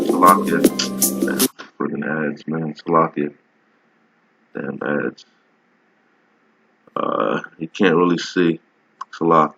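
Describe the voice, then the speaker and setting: A man's voice: rumbling low, slow pace, creaky, pauses often, over loud music, poor audio. A man giving casual, emphatic religious commentary over a video, rambling and often asking "all right?". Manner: rambling with many restarts while browsing.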